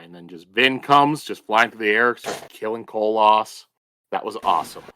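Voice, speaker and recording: Excited guy on a book podcast, bright punchy voice, dry sound. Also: lowish voice, moderate pace, no echo. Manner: enthusiastic, excitable. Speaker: podcast co-host. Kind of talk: casual book discussion.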